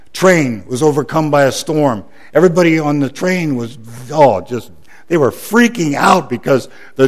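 A pastor preaches a sermon in a voice on the high side, building emphasis through repeated phrases and growing softer when he prays.

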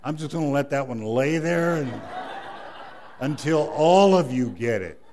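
A man's voice: medium pitch, animated, unhurried, a little mellow, a little hiss or hum. A man preaching a sermon as pastor, emphatic, quoting scripture and telling a joke story.

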